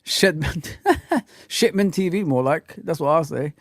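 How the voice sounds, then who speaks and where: High-voiced man ranting at a dry mic. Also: unhurried, no echo. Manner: animated, blunt ranting with slang asides. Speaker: fan channel host. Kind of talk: live football fan chat.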